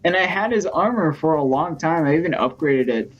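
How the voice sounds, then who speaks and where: Rambling, excitable man vlogger. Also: fairly high pitch, a little fast, muffled recording, a little hiss or hum. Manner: rambling and excitable, full of fillers. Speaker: gaming vlogger. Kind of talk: casual storytelling.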